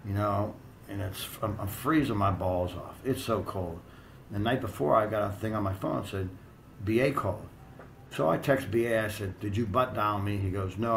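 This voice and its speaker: A man's voice: on the low side, slight background noise, poor audio. A middle-aged American man and strength coach telling blunt, profane, rambling stories in a casual interview.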